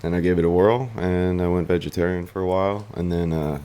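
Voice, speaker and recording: A man's voice: deep voice, fairly even intonation, a little fast, dark tone, clean tone. A young man chatting casually as a podcast guest, hesitant with lots of fillers. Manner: hesitant, many fillers and restarts. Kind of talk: casual chat.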